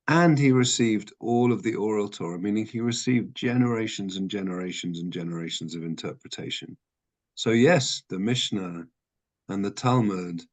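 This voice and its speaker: A rabbi leads an adult study class in a very low, deep voice. He talks thoughtfully and stops often to hunt for words, with frequent ums and false starts. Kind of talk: classroom teaching.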